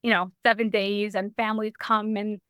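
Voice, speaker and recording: A young adult woman sharing a personal story in a podcast interview, animated and full of "like" and restarts. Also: medium pitch, moderate pace, clean tone, no room sound. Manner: animated, heavy use of "like", frequent restarts. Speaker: podcast guest.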